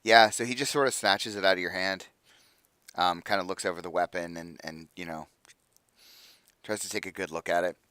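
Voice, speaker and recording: A man's voice: low voice, steady tone, normal speed, long pauses, pushed and bright, clean tone, dry recording. A man narrating as game master for a tabletop game, casual and full of fillers.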